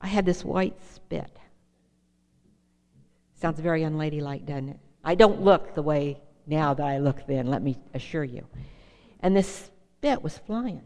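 A middle-aged woman speaks in a somewhat low voice, sharing her own recovery story as testimony. She talks earnestly and directly, often turning to the audience with questions. Her voice rings with the long reverb of a hall. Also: expressive, unhurried, dark tone. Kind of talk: personal testimony talk.

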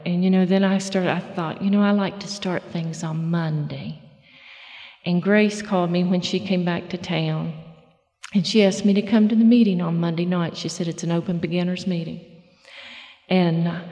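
A woman telling her recovery story to a live audience in a halting, folksy way with many restarts. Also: fairly low pitch, dark tone, muffled recording. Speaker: speaker sharing recovery story. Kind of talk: personal testimony to a live audience. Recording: long hall reverb.

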